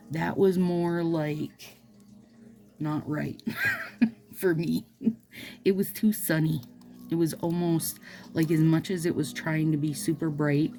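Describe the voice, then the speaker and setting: A woman's voice: sits low, vocal fry, dark tone. A woman chatting casually to her viewers while doing her nails, rambling and playful with asides. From Minnesota. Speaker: nail vlogger. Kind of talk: casual chat to camera while applying nail strips.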